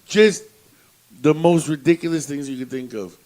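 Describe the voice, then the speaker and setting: A man's voice: fairly high pitch, normal speed, darkish tone, poor audio. A man co-hosting a podcast, telling a prank story in casual chat, swearing and laughing as he talks. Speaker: podcast co-host.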